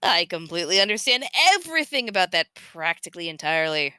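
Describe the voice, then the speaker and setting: A woman reading the lines of a crude, deadpan, too-cool teenage boy during a comic read-through with friends, in a dry room. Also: fairly low pitch, fast, smooth, no echo, low-quality recording.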